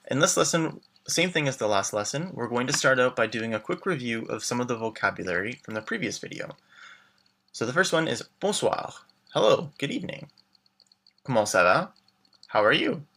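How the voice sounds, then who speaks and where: Bright-voiced man teaching a language lesson. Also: mid-range voice. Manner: clear, slow modeled pronunciation with English glosses; encouraging, prompts the learner to answer. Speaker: French teacher.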